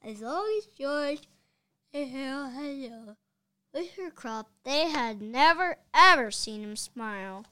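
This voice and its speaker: A woman's voice: high voice, lively intonation, slow, sharp tone, clear, resonant tone, no room sound. Woman reading a children's book aloud. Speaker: reader.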